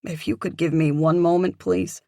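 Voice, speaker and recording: A woman's voice: on the low side, little pitch movement, normal speed, vocal fry, dark tone, no room sound, studio quality. A woman doing a courteous male concierge. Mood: polite. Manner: courteous, formal. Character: polite male hotel concierge, adult.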